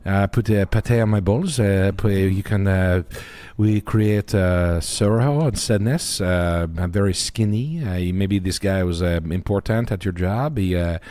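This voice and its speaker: A stammering Frenchman who cannot get a sentence out without an uh, as a man puts him on. He has a French accent and a lowish voice. The halting speech makes him a comedic bit on a podcast. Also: warm tone, no echo. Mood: mock-solemn. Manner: hesitant, stuffed with uh fillers. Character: halting, crude Frenchman, middle-aged man.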